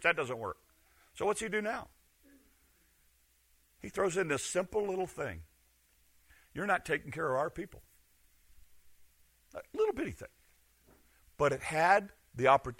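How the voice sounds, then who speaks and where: A middle-aged man, a pastor, preaching a sermon with emphatic rhetorical questions that swing from loud to hushed. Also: fairly high pitch.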